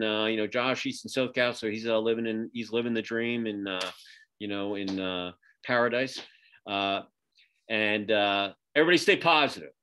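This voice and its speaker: A man's voice: mid-range voice, fairly bright tone, clean tone. A middle-aged man hosting a podcast from his home office over a video call, rambling with many fillers and restarts. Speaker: podcast host and magazine publisher. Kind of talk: casual interview sign-off.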